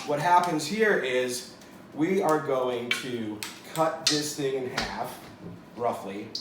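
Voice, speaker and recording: Guy rambling and joking through a cooking demo, mid pitch, roomy kitchen echo, dishes clanking behind him. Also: background noise. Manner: rambling and jokey, lots of fillers and restarts. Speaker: cooking show host. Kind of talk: casual cooking demonstration. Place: home kitchen. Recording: echoey kitchen with clattering dishes. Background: clattering pots and dishes.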